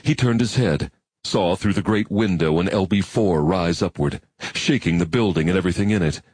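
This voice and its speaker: Deep, husky male audiobook narrator. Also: a little mellow, no room sound. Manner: measured, reflective reading.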